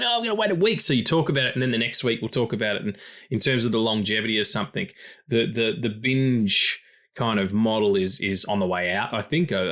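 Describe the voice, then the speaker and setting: A man's voice: fairly low pitch, a bit bright. A man co-hosting a film podcast in casual chat, rambling and profane, jumping between tangents. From not from the co-host's country. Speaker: podcast co-host.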